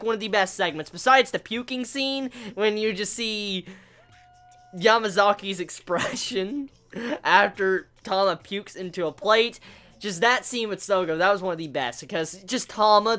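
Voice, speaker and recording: Excitable, swearing woman reviewing anime. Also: medium pitch. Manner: excitable, swears a lot, laughs often. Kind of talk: casual anime review monologue.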